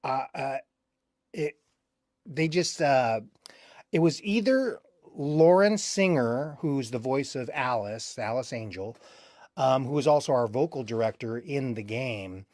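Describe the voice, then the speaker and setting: A man of middling pitch looks back on his voice acting work in a loose, rambling way, full of fillers and false starts. His voice is recorded close and dry, with no room sound around it. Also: lively intonation, unhurried, darkish tone, no room sound. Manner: rambling, many fillers and restarts. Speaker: voice actor. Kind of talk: recalled interview answers.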